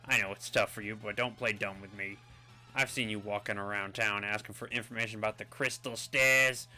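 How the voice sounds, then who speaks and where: A man doing a gloating loud game villain. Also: fairly low pitch, steady tone, brisk, soft background music. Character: blustering villainous male henchman boss.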